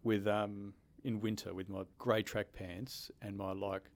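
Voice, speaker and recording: A man's voice: fairly low pitch, level tone, unhurried. Easygoing Australian man, dry humor. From Perth, Australia. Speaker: podcast co-host. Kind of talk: casual chat.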